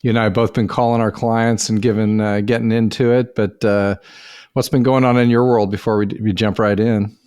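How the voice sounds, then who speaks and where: A man's voice: fairly low pitch, little pitch movement, brisk, a little mellow, smooth, no echo, studio quality. A middle-aged man co-hosting a real estate podcast in a folksy, upbeat, joking way. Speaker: podcast co-host. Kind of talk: casual chat.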